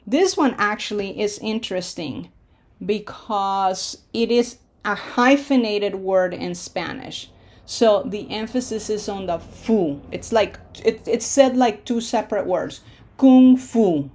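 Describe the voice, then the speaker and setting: A woman's voice: mid-range voice, unhurried. A woman teaching a pronunciation lesson, patient, checking in often with her students. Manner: patient, checks in with frequent "okay?". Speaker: Spanish teacher.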